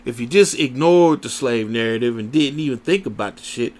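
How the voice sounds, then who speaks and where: A man's voice: medium pitch, animated, a little fast, a little mellow. A man hosting a radio show, ranting in a blunt, profane and preachy way. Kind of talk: profane solo radio rant.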